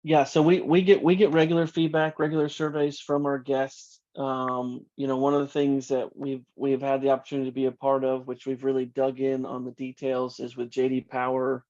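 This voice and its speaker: A man speaking as a company executive in an interview, earnest and measured. His delivery stays flat, with mid-range pitch. The audio sounds dull and lo-fi. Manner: earnest, measured, repeats words when starting. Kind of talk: interview answers.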